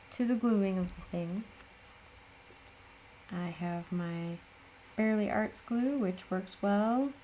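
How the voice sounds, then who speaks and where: A woman's voice: lowish voice, slight background noise. A middle-aged woman hosting a casual crafting tutorial, chatty and full of self-deprecating asides. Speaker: craft channel host.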